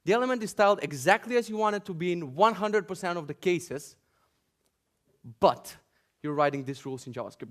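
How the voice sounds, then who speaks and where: Sarcastic conference speaker from Macedonia, male, slightly high pitch, jokey rant. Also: expressive, brisk. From North Macedonia. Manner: sarcastic, joking, ranting. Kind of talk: conference talk. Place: conference hall.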